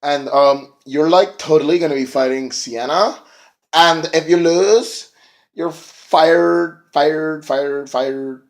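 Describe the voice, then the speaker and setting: A man imitating a perky young woman wrestler in a high, giddy valley-girl voice. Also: fairly even intonation, slow pace.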